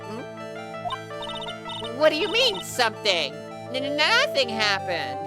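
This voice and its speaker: A woman streamer doing a timid, sweet little girl from a video game, talking with nervous stammers. The voice bounces up and down in pitch. Game music plays clearly behind her. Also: wildly swooping pitch, brisk. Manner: hesitant, stammering. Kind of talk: voicing video game dialogue on a livestream.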